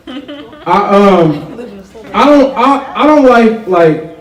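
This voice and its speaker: A young man from Chicago doing stand-up at a college show, his slightly high voice sounding a little distant from the mic. The room is roomy and echoing. He talks in a loose, chatty way, leaning on "like" and "right?". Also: animated, very slow. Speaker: stand-up comedian. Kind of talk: stand-up comedy set. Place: college auditorium with a live audience.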